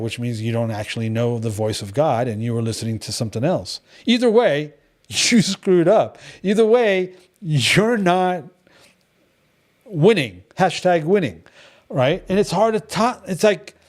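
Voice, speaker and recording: A man's voice: fairly high pitch, normal speed, darkish tone. A middle-aged man leading a devotional gathering in casual talk, telling stories bluntly with many restarts. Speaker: devotional group leader.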